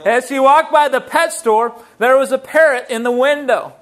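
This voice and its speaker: A man preaching a sermon in a church, lively and full of rhetorical questions to the congregation. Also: extremely high pitch, normal speed. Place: church sanctuary.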